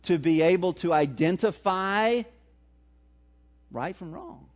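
High-pitched guy preaching, asks the crowd stuff, sounds like a tinny phone line. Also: expressive, slow pace. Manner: conversational preaching with questions to the congregation. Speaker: pastor. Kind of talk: sermon.

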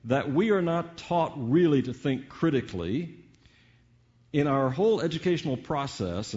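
A man delivering a sermon at a middling pitch, leaning hard on single words and letting pauses hang between his rhetorical questions. The sound is a little dull and muffled. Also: a little mellow. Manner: teacherly, varied emphasis with drawn-out pauses and rhetorical questions. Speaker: preacher.

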